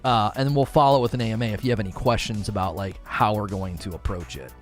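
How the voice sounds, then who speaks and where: A man's voice: lowish voice, fast, soft background music. A man in his thirties chatting casually on a live stream as the streamer, rambling with many fillers and restarts.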